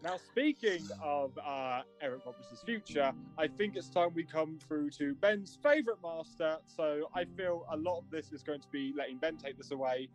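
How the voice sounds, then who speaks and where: A man hosting a podcast, relaxed and jokey. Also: fairly high pitch, moderate pace, few pauses, soft background music. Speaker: podcast host. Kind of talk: casual podcast chat.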